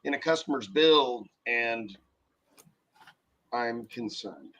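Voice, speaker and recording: A man's voice: medium pitch, slow pace. A man hosting a casual podcast chat, telling stories in a profane, rambling way. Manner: profane, rambling, animated storytelling. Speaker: podcast host, car audio shop owner.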